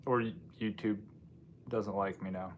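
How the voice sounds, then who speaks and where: A fairly low-pitched American man speaks unhurriedly with fairly even intonation, and there's a little hiss or hum in the audio. As a livestream host, he chats casually with viewers, rambling and putting himself down.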